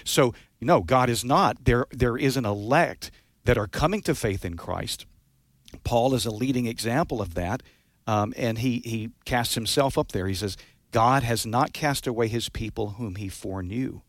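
A man's voice: mid-range voice, moderate pace, dry recording, studio quality. A man teaching the Bible on a radio talk show, earnest and emphatic, often repeating words as he starts a thought. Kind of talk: radio Bible study chat.

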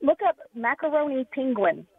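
A woman's voice: high voice, big pitch swings, normal speed, husky, no room sound. Hesitant woman caller on a tinny phone line. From Tennessee. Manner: hesitant, many ums, explanatory. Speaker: caller, homeschool teacher. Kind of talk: phone-in call.

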